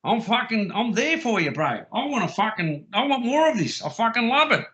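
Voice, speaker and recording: A man's voice: extremely high pitch, big pitch swings, normal speed, fairly bright tone. A man on a voice call, arguing in a mocking, profane, sarcastic way. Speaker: caller on a group call. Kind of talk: heated argument on a voice call.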